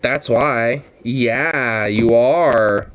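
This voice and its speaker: A man reacting to a news clip on stream, talking slowly in an exasperated, mocking tone. He swears constantly and drags out his words, with a middle pitch. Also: fairly bright tone. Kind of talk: profane reaction commentary.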